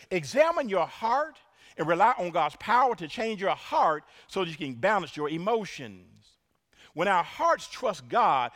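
A man preaching a sermon, stammering repeats and calling the congregation y'all, swinging from hushed lines to loud praise. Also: sits high. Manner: repeats words in bursts, addresses crowd as y'all.

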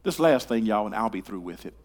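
An older man preaching a sermon in a church, talking to the congregation in a conversational way, with stammered repeated starts that swing from hushed to loud. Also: lowish voice, lively intonation, brisk. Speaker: pastor. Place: church sanctuary.

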